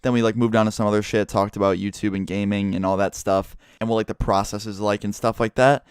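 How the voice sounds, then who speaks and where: Young male YouTuber, casual storytime delivery, heavy swearing, mid-pitched voice, dry close sound. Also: fast, clear, resonant tone, no echo. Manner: profane, animated storytelling with acted quotes.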